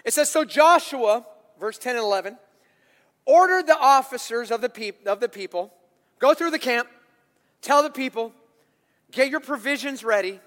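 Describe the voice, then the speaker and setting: A male pastor giving an animated sermon in a church, building to loud, emphatic bursts. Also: extremely high pitch, moderate pace, pauses often, long reverb tail.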